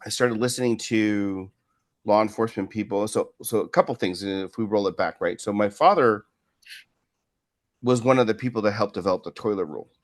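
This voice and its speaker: A man in his fifties with a lowish voice, talking through long stories as an interview guest. His speech rambles and keeps checking in with a quick "right?" as he goes. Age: 50s. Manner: rambling, with frequent "right?" tag questions. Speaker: martial arts instructor as interview guest. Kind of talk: casual storytelling in an interview.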